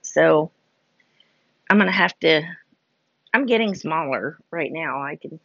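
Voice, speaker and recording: A woman chatting casually in a vlog, rambling and poking fun at herself. Her voice sits a bit low. The sound is dry and dull, like a lo-fi recording. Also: lively intonation, measured pace, creaky, fairly bright tone, no echo. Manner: chatty, rambling, self-deprecating, heavy on "like" and "you know". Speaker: vlogger.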